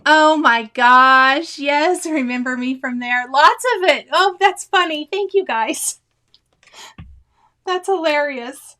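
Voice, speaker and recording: A high-voiced woman in her forties talks casually through a cross-stitch livestream. She reads viewers' comments aloud, laughs often and keeps breaking into exclamations. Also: slow pace, bright, forceful tone. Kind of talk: casual chat reading live comments.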